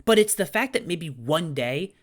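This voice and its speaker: A young man telling a story casually to camera, self-deprecating and animated, often swearing and acting out the people he quotes. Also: on the high side, normal speed.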